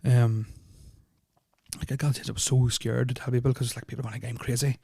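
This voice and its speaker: A young man tells a story at speed, tumbling through fillers, restarts and swearing with nervous unease. His voice is mellow and fairly flat in pitch. The sound is dry, with no room echo. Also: brisk, creaky, slightly rough. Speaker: podcast host. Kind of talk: casual storytelling of personal experiences.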